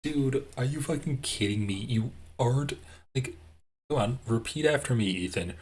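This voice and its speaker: A man doing live-stream commentary on clips, ranting with lots of swearing and getting loud and heated. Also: medium pitch, moderate pace, breathy edge. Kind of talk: livestream commentary reacting to clips.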